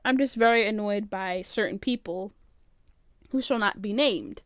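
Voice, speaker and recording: A woman's voice: medium pitch, unhurried, dry recording, studio quality. A woman hosting a podcast alone, giving casual opinionated commentary full of "like" fillers. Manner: chatty, opinionated, many "like" fillers. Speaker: podcast host.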